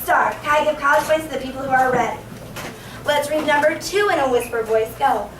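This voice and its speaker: A young woman teaching an elementary class, giving brisk countdowns, directions and praise to her students. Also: sits high, noisy background. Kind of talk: classroom management. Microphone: camera across the room. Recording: distant echoey classroom camera audio. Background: children moving about.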